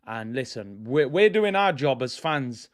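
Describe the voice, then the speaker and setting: A man's voice: medium pitch, big pitch swings, unhurried. A man hosting a football fan channel, ranting bluntly to his viewers and repeating points for emphasis. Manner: addresses viewers directly as "people". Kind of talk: ranting fan reaction vlog.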